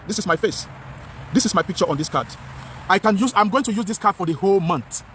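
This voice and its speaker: A man's voice: high voice, animated, fast talker, fairly bright tone, a little hiss or hum. Impassioned Nigerian man vlogging outdoors. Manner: impassioned, repetitive, mixes Pidgin with English. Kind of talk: outdoor talking-head vlog.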